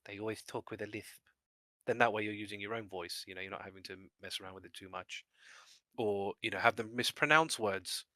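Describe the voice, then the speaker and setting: A man's voice: fairly low pitch, bright, forceful tone, dry recording. A man co-hosting a casual discussion about game mastering, rambling a little with restarts and small laughs.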